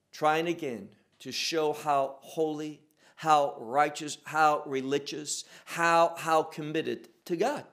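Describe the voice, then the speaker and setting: A man preaching a sermon on a Bible passage, slow and emphatic, repeating words for weight. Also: a little high, steady tone, a bit bright.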